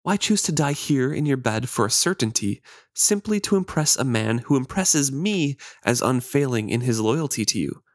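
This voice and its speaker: A man's voice: medium pitch, lively intonation, moderate pace, dry recording, studio quality, voice pushed up, lightly acted. A man reading as an earnest young healer. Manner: read aloud from a novel, lightly voiced.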